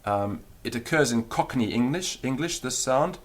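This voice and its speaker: A man's voice: medium pitch, expressive, normal speed. A man teaching a recorded beginner language lesson, explaining patiently and demonstrating the sounds aloud.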